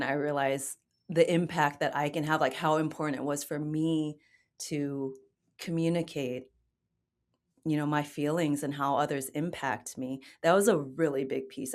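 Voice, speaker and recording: A woman with a low voice talks openly in an interview. She tells her story in a candid, reflective, conversational way. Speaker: guest. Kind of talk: casual interview talk.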